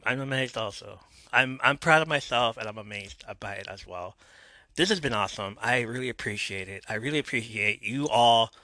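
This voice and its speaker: A man's voice: medium pitch, sharp tone, no room sound. A man hosting his own wrestling podcast, rambling casually with lots of fillers and restarts. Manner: rambling, filler-heavy, self-mocking. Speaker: podcast host. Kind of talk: casual solo podcast talk.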